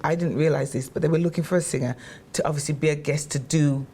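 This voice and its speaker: A woman from England, a singer telling stories from her career in a chatty, animated way, with fillers and restarts, raising her voice to act out quotes. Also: deep voice, quick pace. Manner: animated, acts out quotes in a raised voice. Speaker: guest singer. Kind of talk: casual storytelling interview.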